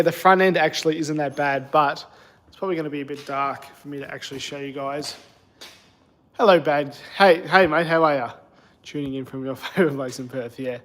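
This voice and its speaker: A man's voice: a little high, a little hiss or hum. An Australian man live streaming from his cold home shed on a phone, chatty and self-deprecating as he greets viewers. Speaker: car channel host. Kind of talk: casual live stream chat.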